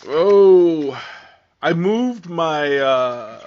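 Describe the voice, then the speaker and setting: Halting man hosting a tea livestream. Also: on the high side, animated, muffled recording. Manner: halting, searching for words, many fillers and restarts. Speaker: livestream host. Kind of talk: casual live tea tasting chat.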